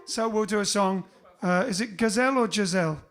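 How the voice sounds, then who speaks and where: A man's voice: high-pitched, fairly quick, fairly bright tone, faint music behind. A man hosting his band's livestream, chatting playfully between songs and dropping into mock French. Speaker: bandleader and singer hosting a livestream. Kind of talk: casual chat between songs.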